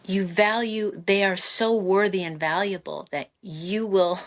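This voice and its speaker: A middle-aged woman, a psychotherapist guest on a podcast, giving animated parenting advice with lively asides and laughter. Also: mid-range voice, unhurried. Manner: animated, expressive, laughs often, acts out quotes.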